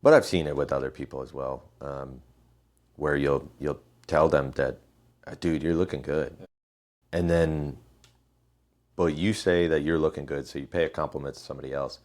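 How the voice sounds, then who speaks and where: A man's voice: very deep voice, steady tone, normal speed, a little mellow. A man talking as a podcast guest, casual, hedging his points, restarting sentences and swearing now and then.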